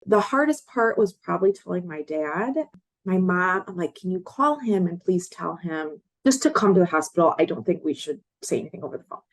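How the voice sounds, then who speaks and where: A woman's voice: lowish voice, animated, fairly quick. A woman in her late twenties from Chicago, earnestly telling her own story as a guest and acting out the words of others. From Chicago, USA. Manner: earnest, acts out others' words in quoted voices. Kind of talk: personal storytelling in an interview.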